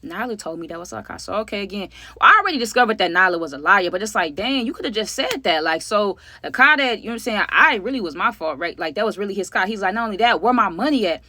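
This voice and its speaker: A woman's voice: mid-range voice, expressive, quick pace, hardly any pauses, sharp tone. A woman telling a story in a casual vlog, slangy and talking straight to viewers, acting out what each person said. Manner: acts out the other people's lines.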